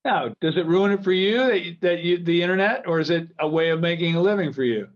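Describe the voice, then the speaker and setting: A man's voice: on the high side, fast. An American man in his sixties talks in loose, joking asides that wander and restart. He is a guest on a casual interview over a video call. The call audio is dull and lo-fi. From United States. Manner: jokey, rambling, self-interrupting. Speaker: guitar company founder, guest.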